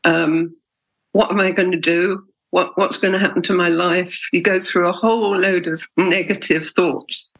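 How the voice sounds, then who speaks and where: A woman's voice: lowish voice, fairly even intonation, moderate pace, a bit bright, poor audio. Middle-aged lady, honest and emotional, talking through her story in an interview. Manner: candid, emotional storytelling with hesitations. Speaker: interviewee, patient. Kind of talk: personal interview.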